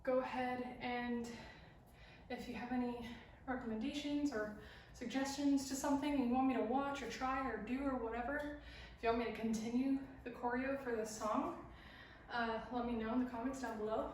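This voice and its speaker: A woman's voice: on the high side, fairly even intonation, moderate pace, far from the mic, a little hiss or hum. Breathless young woman teaching dance, echoey room. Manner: counts steps and sings lyrics while dancing. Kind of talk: dance tutorial, counting and singing along.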